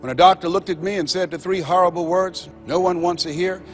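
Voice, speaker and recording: Emphatic high-voiced man preaching motivation. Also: fairly even intonation, a little fast, lo-fi sound. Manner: emphatic, preacherly, with rhythmic repetition. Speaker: motivational speaker. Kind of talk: motivational speech to an audience. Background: faint background music.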